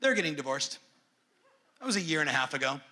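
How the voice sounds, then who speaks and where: A brash man coaching a packed conference audience, his voice bright and forceful and pitched a touch high. He swears freely and keeps checking that the crowd is with him. His words ring out with the long reverb of a big hall. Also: sing-song, quick pace. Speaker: real estate coach. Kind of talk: motivational conference keynote. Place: large conference hall stage.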